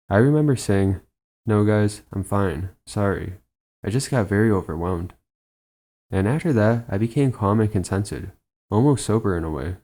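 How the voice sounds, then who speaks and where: A man reading aloud a first-person story someone sent in, in an even, unhurried storytelling manner. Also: low voice. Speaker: channel narrator. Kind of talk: reading a submitted first-person trip report.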